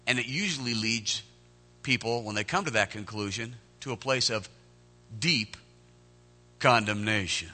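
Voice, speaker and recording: A man in his forties preaching a sermon as pastor, earnest and conversational, swelling loud on key lines and dropping soft between. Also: medium pitch, unhurried, long pauses.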